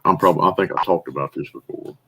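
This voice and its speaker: Casting: low-voiced man, folksy and rambling, faint hiss behind. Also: rapid-fire. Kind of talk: casual rural chat.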